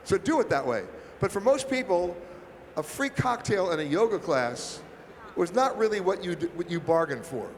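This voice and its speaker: Man, high-pitched, wry storyteller on a panel, echoey expo hall, faint hum behind. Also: very animated, moderate pace. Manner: wry, anecdotal, punchy delivery. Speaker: travel expert panelist.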